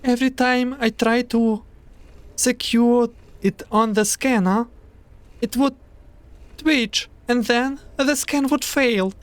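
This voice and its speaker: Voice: medium pitch, steady tone, takes it slowly, no room sound, close to an everyday voice. A streamer putting on a weepy young woman engineer's voice while reading game lines aloud. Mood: upset.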